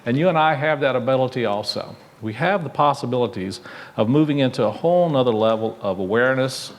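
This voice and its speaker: A man's voice: medium pitch, expressive, brisk. Man preaching a conversational sermon. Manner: conversational, asks the congregation questions. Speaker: minister. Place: church sanctuary.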